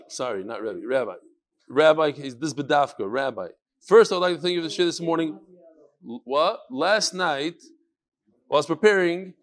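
A man hosting a casual chat show, reading listener emails aloud with joking asides. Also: a little high.

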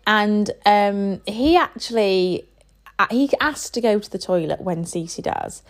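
A woman's voice: mid-range voice, expressive, a little slow. A woman in her thirties, a parent chatting casually and rambling with lots of fillers. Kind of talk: casual chat.

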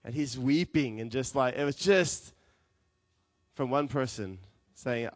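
A man preaching a sermon as a pastor, telling stories with lively acted quotes. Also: mid-range voice, unhurried, dry recording. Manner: animated storytelling with acted quotes.

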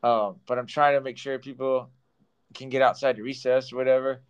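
A man's voice: medium pitch, flat delivery, brisk, clear, resonant tone, muffled recording. A man co-hosting a casual podcast, a teacher telling stories in a chatty way. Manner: chatty storyteller, laughs often. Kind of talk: casual chat.

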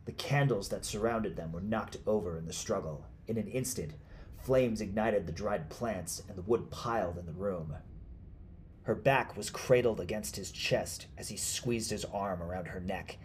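Deep-voiced man narrating horror. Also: slight background noise. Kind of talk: scripted horror story narration.

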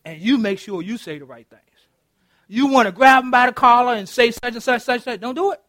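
A man's voice: extremely high pitch, a little fast, no room sound, clean studio sound. A middle-aged man, preaching an interactive sermon as pastor, laughing often and calling out to his congregation. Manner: animated, laughing, calls out to the congregation. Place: church.

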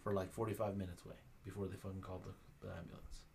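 A podcast co-host with a low, creaky voice and a breathy edge talks fast in a casual chat. He's a profane, animated storyteller who swears a lot and acts out quotes.

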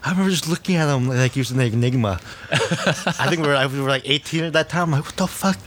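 A man's voice: a little high, fast, a bit bright, slight background noise. A young man in casual, teasing, profane conversation, laughing often. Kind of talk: casual chat.

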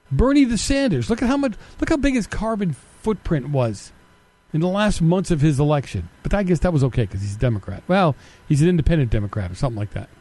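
A middle-aged man delivers a combative political monologue, peppered with sarcastic rhetorical questions. His voice sits a little high yet mellow, and it rises and falls in lively swings. The sound is dry and close, with no room around it. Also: no echo. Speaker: political commentary host. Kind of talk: opinionated monologue.

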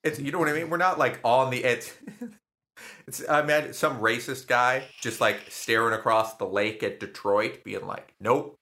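A man's voice: medium pitch, moderate pace, pushed and bright. A young adult man in a casual comedic chat, rambling, swearing and laughing often.

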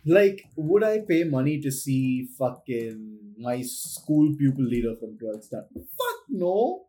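Relaxed, mellow-voiced young man chatting. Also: medium pitch, slow pace. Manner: loose, profane banter, slangy. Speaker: podcast co-host. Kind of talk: casual chat.

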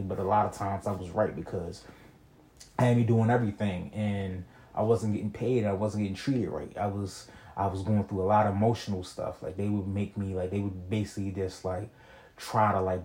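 Young man, low-ish voice, casual vlog storytelling, slangy, rambling. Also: level tone, fast talker, dark tone. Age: young adult. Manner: slangy, rambling, frequent "you feel me" and restarts. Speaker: vlogger telling a personal story.

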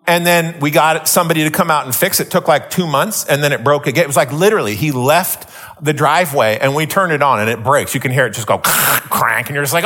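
A middle-aged male pastor delivers his sermon through lively, humorous personal stories. His voice sits a bit high and sounds bright and forceful, and he builds to excited exclamations as he tells them. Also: a little fast. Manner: animated storytelling, rising into excited exclamations.

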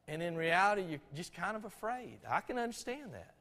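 A middle-aged Southern man from Georgia delivers a folksy, storytelling sermon, stumbling through restarts as he talks. His voice sits high for a man. His words ring out with a long echo across a church sanctuary. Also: very animated, fairly quick, hardly any pauses, a bit bright. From Albany, Georgia, USA. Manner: folksy, conversational, with frequent restarts. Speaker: pastor.

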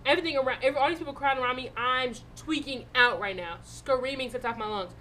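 A young woman co-hosting a podcast, telling a story in a casual way, animated and swearing freely. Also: sits high, quick pace, slight background noise. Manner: animated, swearing, loud in retold moments. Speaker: podcast co-host.

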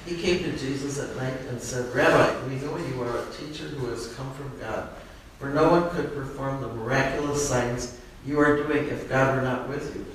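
A man in a class reading a Bible passage aloud at a steady, even pace. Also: medium pitch, normal speed, slight background noise. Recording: echoey room, speaker far from mic.

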